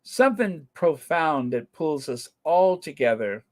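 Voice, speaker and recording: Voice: medium pitch, expressive, measured pace. A middle-aged channel host chatting casually on a livestream, playful and given to mock outrage.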